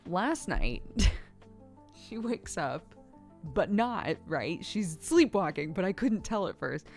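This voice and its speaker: A woman's voice: on the low side, big pitch swings, takes it slowly, soft background music. A woman streamer chatting casually, telling stories in a rambling, chatty way. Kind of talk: casual chat while gaming.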